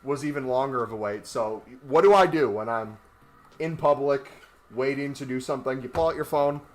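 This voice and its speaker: A man's voice: medium pitch, normal speed. A man chatting casually on a gaming livestream, rambling and joking while he walks on a walking pad. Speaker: gaming streamer.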